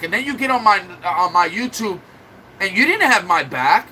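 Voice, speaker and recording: A man's voice: sits high, sing-song, moderate pace, bright, forceful tone, slight background noise, rough recording. A man livestreaming in a casual chat, venting at length to his viewers in a rambling, upset way. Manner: rambling, restarts and fillers.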